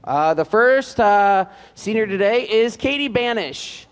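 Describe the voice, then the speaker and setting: High lively man announcing in a hall. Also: unhurried, slight background noise. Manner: reads out notes with fillers and light joking asides. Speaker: event announcer. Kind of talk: live announcing of band seniors. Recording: long hall reverb.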